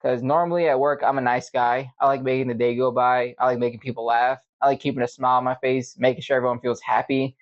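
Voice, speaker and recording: A young man on a dull, lo-fi recording vents at mid pitch in a loose, rambling monologue. He swears freely and talks like he is hosting his own casual podcast. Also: little pitch movement, fast, few pauses. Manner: rambling, profane, venting. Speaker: podcast host.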